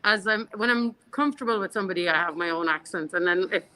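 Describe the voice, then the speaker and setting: A woman's voice: on the low side, fast, pushed and bright, poor audio. An Irish woman in her thirties, a bar co-owner, chatting as a guest in a casual interview, telling stories with many restarts. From Ireland.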